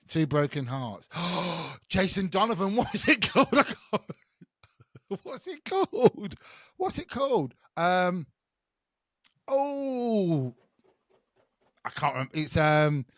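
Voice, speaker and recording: A man hosts a chatty podcast and plays a guessing game with his guests, laughing and muttering as he thinks. His voice is a little high and swings up and down a lot. He talks slowly, and the sound is dry and close. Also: no room sound. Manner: animated, laughing, thinking aloud. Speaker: podcast host.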